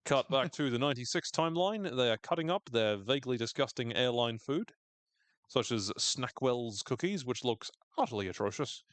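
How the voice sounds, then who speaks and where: A man's voice: mid-range voice, animated, moderate pace, fairly bright tone, no room sound. Joking male podcast co-host. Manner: jokey, often mimics characters in raised voices. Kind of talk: casual recap chat.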